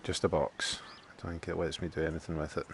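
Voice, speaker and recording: A man's voice: rumbling low, little pitch movement, fast talker, gravelly, slight background noise. A man streaming a game, thinking aloud and joking as he plays. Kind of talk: casual let's play commentary.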